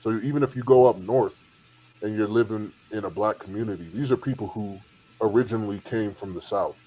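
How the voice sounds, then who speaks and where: A man's voice: lowish voice, brisk, warm tone, husky. A man co-hosting a podcast, making his points emphatically in a casual discussion. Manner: argumentative, emphatic. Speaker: podcast co-host. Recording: lo-fi dull sound.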